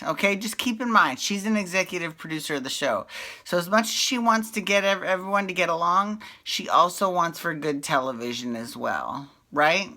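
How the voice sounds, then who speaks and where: A chatty woman with a low yet bright, forward voice, recapping reality television in a loose, casual way. She laughs often and swears freely as she talks. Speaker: podcast host recapping reality TV. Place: Las Vegas.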